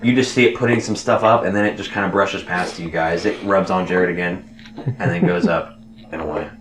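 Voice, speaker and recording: A man's voice: low-pitched, steady tone, brisk, echoey room, rough recording. A man narrating as game master, describing scenes casually with fillers.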